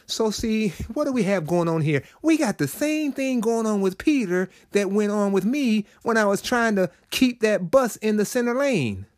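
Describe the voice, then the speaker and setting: A man's voice: sits high, lively intonation, normal speed, a little mellow, no echo, studio quality. A man hosting a short devotional segment, preaching in a conversational way with sudden rises and drops. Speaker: inspirational segment host.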